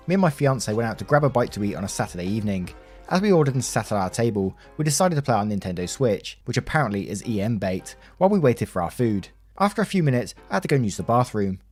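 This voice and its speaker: A man's voice: fairly low pitch, a little mellow. A man reading online stories aloud, in a conversational tone with wry asides. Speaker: story narrator. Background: faint background music.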